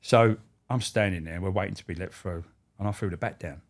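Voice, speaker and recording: A man, a former prison officer, telling profane, animated stories as a podcast guest. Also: sits low, fairly quick. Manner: animated, profane, laughing storyteller. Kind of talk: anecdotal storytelling.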